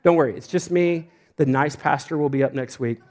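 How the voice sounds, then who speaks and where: Casting note: middle-aged male pastor from Idaho, slightly high voice, loose conversational preaching full of restarts and little jokes. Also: brisk, darkish tone. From Idaho, United States. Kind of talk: sermon.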